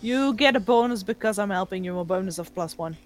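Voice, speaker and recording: Calm woman player speaking formally. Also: mid-range voice. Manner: calm, measured, formal in character. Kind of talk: playing a tabletop game in character. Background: faint music.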